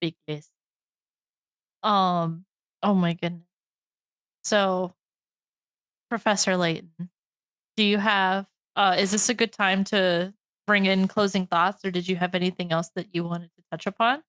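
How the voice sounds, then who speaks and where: A woman hosting a podcast, chatting casually and gushing with bubbly excitement. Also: lowish voice, measured pace, pauses often, smooth, dry recording, studio quality. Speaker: podcast host. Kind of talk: casual chat.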